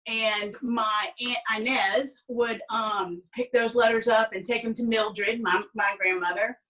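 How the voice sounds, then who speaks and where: A cooking instructor from the Southern United States, speaking with a Southern accent, keeps a measured pace and fairly even intonation in a slightly high, somewhat bright voice. She chats in a folksy way full of fillers while telling family stories, her voice a bit distant from the mic.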